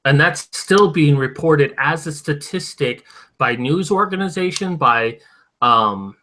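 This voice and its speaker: Bright, higher man arguing his point. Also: expressive, unhurried. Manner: argumentative, explaining at length. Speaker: co-host. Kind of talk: casual podcast chat.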